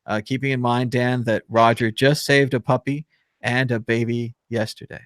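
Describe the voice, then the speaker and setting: A man's voice: medium pitch, level tone, moderate pace, dry recording, clean studio sound. A man hosting a live call-in show, chatting casually, joking and laughing between rambling remarks. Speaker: show host.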